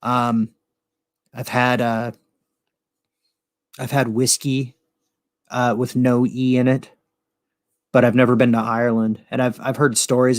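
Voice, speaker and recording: A man's voice: medium pitch, no echo, clean studio sound. An American man hosting a podcast stream, chatting casually in a profane, rambling way with frequent laughs. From United States. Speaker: podcast host. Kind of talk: casual livestream chat.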